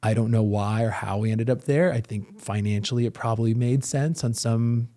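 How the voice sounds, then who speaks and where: A man's voice: mid-range voice, normal speed, mellow. A man in his thirties, a former pro athlete, telling stories in a casual interview with many fillers and restarts. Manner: loose, rambling storytelling with many fillers.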